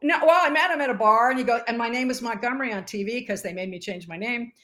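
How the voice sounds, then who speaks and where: A woman in her sixties, a podcast guest, telling stories in a lively interview chat and acting out what others said. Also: a little high, quick pace. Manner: animated storyteller who acts out quoted voices.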